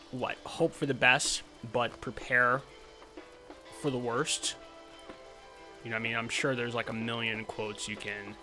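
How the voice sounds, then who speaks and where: A man giving casual, rambling gameplay commentary, full of fillers. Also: medium pitch. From United States. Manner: rambling, relaxed, lots of fillers. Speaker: gaming channel host.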